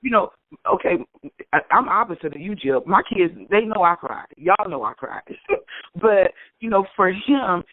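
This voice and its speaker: A middle-aged woman co-hosting a radio discussion, talking in an emphatic, heartfelt way with sudden jumps in pitch. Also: expressive, a little slow, no room sound. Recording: tinny phone-line sound, dry.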